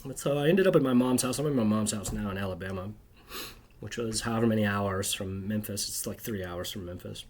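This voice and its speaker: A man's voice: fairly low pitch, a little fast, darkish tone, a little hiss or hum. A man telling a rambling, bitter personal story to camera, agitated and constantly tagging his sentences with "right?". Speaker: video creator.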